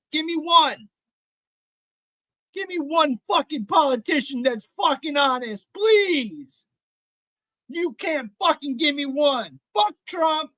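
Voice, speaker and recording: A man hosting a live stream, ranting in a heated, profane way and often shouting. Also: very high voice, no echo. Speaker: livestream host. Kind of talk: profane live reaction rant.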